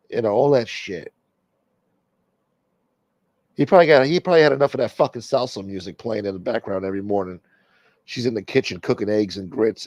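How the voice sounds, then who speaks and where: A man's voice: medium pitch, vocal fry, mellow, dry recording. A man in his fifties hosting a talk show and ranting crudely with mocking sarcasm. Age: 50s. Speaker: host. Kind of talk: profane comedic rant.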